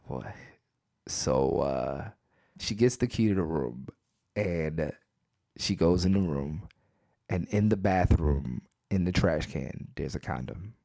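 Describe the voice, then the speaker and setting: A man hosting a comedy podcast, telling stories in a profane, animated way and repeating lines for emphasis, recorded in a bedroom at home. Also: deep voice, takes it slowly, gravelly, pauses often, no room sound, studio quality. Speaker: podcast host. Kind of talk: comedic storytelling monologue. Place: his second bedroom at home.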